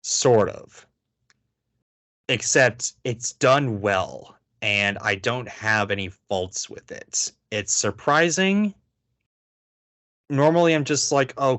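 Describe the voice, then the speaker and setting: Male podcast co-host, casual and rambly, mid pitch, dry close sound. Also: no room sound. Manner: rambling, filler-heavy, animated asides. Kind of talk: casual chat.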